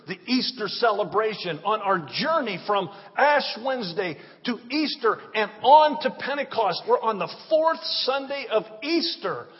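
A male pastor preaching an excited sermon, with call-and-response lines and drawn-out phrases. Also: high-pitched. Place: church sanctuary. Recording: dull sound, long church reverb.

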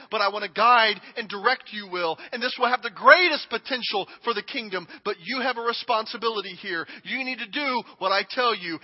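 A man preaching a sermon and acting out a king speaking, dramatic and emphatic, moving between hushed lines and shouting. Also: high-pitched. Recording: long hall reverb, dull audio.

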